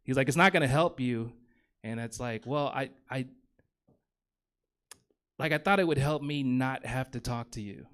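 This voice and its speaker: A man's voice: mid-range voice, a little slow, pauses often, clean tone. A man in his thirties performs stand-up on a comedy theater stage, speaking into a handheld mic. His delivery rambles, with constant ums and likes and self-mocking asides about his own long setups. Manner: rambling, filler-heavy, self-deprecating.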